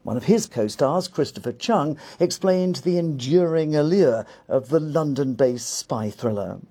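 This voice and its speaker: A man narrating a news report as a correspondent, in a measured delivery. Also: a little high, lively intonation, dark tone, husky.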